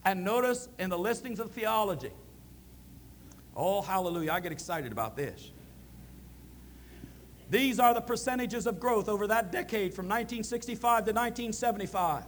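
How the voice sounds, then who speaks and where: High-voiced fervent male preacher. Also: animated, moderate pace, long pauses, a little hiss or hum. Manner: preaching with rising fervor, building to loud emphatic peaks. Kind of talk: sermon.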